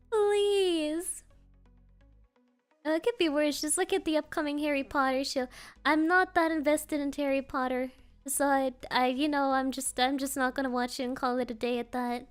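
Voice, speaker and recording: A woman's voice: sits high, steady tone, fairly quick, soft background music. A woman streamer chatting casually with her viewers, playful and rambling, often laughing.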